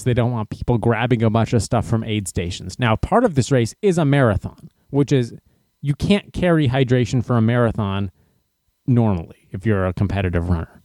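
A man's voice: medium pitch, normal speed, a little mellow, no room sound, studio quality. A man venting sarcastically and incredulously in a casual monologue, recorded indoors. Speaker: runner venting to camera. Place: indoors in a room.

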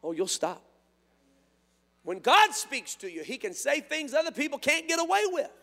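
A man preaching an impassioned sermon, swinging between hushed tones and shouts, his voice strained. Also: extremely high pitch, sing-song, brisk, gravelly. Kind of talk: revival sermon. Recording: reverberant hall sound.

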